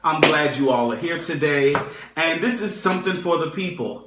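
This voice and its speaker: A man co-hosting a music talk show, teasing his partner in loud, playful banter. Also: fairly high pitch, normal speed, echoey room, very noisy. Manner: teasing, loud, exaggerated delivery. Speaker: co-host.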